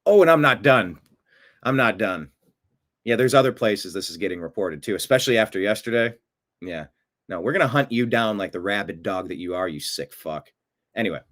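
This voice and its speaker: A man hosting a profane political rant, swinging from low mutters to loud outbursts. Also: animated, brisk. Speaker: political commentary host.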